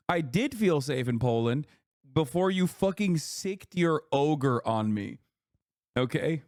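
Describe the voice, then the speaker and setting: A man's voice: on the high side, expressive, takes it slowly, a little mellow, dry recording, clean studio sound. A man giving heated, scornful reaction commentary on a video, swearing often.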